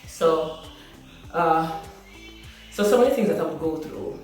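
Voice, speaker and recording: A woman's voice: low-pitched, measured pace, darkish tone, very echoey, recorded from a distance, faint music behind, rough recording. A woman in her thirties with a Jamaican accent, telling a personal story to her viewers in an earnest, emotional way, sitting in a small room at home. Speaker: vlogger. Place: small hot library room at home, indoors.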